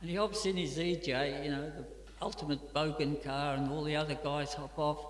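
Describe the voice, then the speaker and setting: High-voiced Australian man telling stories. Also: steady tone, moderate pace. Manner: chatty, anecdotal, many fillers. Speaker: class speaker. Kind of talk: storytelling scripture class. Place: temple hall. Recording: echoey temple hall.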